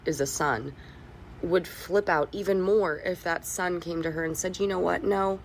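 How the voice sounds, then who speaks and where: A woman's voice: lowish voice, a little slow, a little hiss or hum. Exasperated woman ranting to camera. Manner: exasperated, opinionated. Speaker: social media commentator in a played clip.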